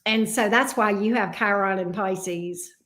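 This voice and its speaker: A woman's voice: mid-range voice, measured pace, fairly bright tone. A woman in her fifties hosting a livestream as a tarot reader, chatting casually with viewers, blunt and profane, laughing easily. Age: 50s. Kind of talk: casual livestream chat reading viewer comments.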